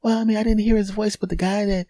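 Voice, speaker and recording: A man's voice: flat delivery, fast talker, no echo, clean studio sound, natural voice. A man voicing an angry young woman who insists someone else made a rude remark about her. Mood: indignant. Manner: high, sharp and indignant. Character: furious beautiful young woman accusing a stranger.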